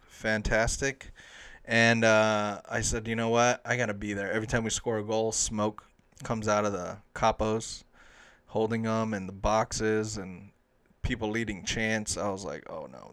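A young man telling stories to camera in an excitable, chatty way, with plenty of fillers. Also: on the low side, unhurried, smooth. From United States. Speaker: soccer fan. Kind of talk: casual storytelling to camera.

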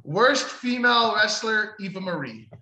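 A man co-hosting a talk show, his voice lively and bright as he jokes and swears through casual chat. He sounds like he is in an echoey room. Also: high-pitched, a little slow. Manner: animated, swearing, jokey. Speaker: podcast co-host.

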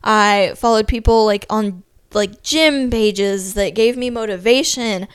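A woman's voice: mid-range voice, a little slow, smooth, no room sound, clean studio sound. A young woman from Ohio hosting her own podcast, talking in a chatty, upbeat way with a lot of "like" fillers. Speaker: podcast host. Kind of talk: casual solo podcast monologue.

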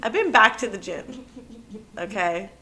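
Bright, playful woman co-hosting. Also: medium pitch, sing-song, unhurried. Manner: playful, giggly, imitates sounds. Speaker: podcast co-host. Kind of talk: casual chat.

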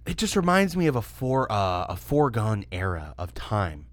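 A man's voice: fairly low pitch, big pitch swings, normal speed, few pauses, no room sound. A young man co-hosting a podcast, chatting casually with sarcastic, rambling jokes and frequent laughs. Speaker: podcast co-host reviewing beer. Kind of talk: casual comedic chat.

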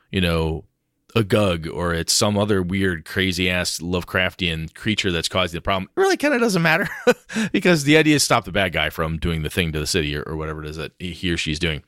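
A man co-hosting a casual chat about running tabletop games, animated and acting out players' voices. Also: low voice, no echo, studio quality. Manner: animated, acts out players' lines, swears casually. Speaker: game master podcast co-host.

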